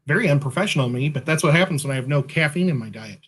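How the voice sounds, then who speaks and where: A man's voice: a little high, lively intonation, rapid-fire, fairly bright tone. A man co-hosting a casual chat, playful and talkative with joking asides, a bit sleepy. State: sleepy, yawning. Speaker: co-host.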